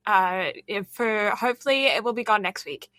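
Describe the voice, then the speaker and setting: A woman's voice: medium pitch, expressive, normal speed, pushed and bright, no room sound. A woman co-hosting a casual podcast chat with a slight lisp, rambling and laughing often. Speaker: podcast co-host.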